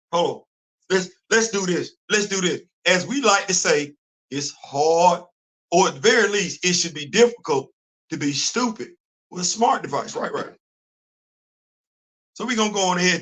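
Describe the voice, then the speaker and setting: A man hosting his own comic book morning show, his voice sitting high and bright. He speaks casually and emphatically, even though his voice is worn out. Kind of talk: casual talk-show commentary.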